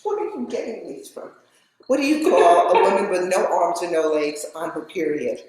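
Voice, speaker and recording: A mother reading jokes aloud to her son at home, giggly and unhurried. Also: on the low side, very animated, darkish tone. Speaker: comedian's mother. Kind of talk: casual family chat. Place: family living room. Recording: echoey living room.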